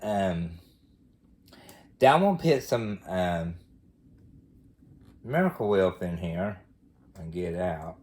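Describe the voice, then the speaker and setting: Guy, folksy home cooking host, lowish voice, chatting to the folks from his kitchen. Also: sing-song, slow, pauses often, a little mellow. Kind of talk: casual cooking demonstration.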